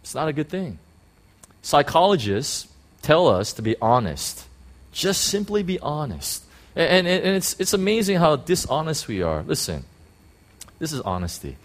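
A man pastor preaching a sermon in a conversational way, with rhetorical questions and quick acted-out quotes of churchgoers. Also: very animated. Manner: acts out quoted church talk in sudden high bursts.

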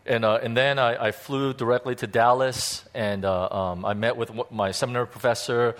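A man preaching in a relaxed storytelling way, full of fillers and restarts. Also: mid-range voice. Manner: conversational, halting, many fillers and restarts. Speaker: pastor. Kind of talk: sermon storytelling.

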